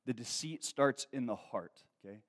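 In a medium-pitched voice at normal speed, a young preacher delivers a relaxed sermon built on personal anecdotes full of filler words, his energy climbing as the story takes off.

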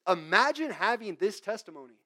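A man preaching a sermon, swinging from loud, emphatic bursts to quiet asides, with mocking impressions of greedy preachers. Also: high voice, sing-song, a little fast.

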